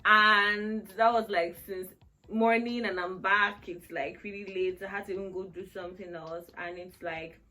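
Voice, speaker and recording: A woman's voice: mid-range voice, steady tone, normal speed, pushed and bright. A young woman from Nigeria with a Nigerian accent, chatting casually on her vlog as a content creator and rambling with lots of "like".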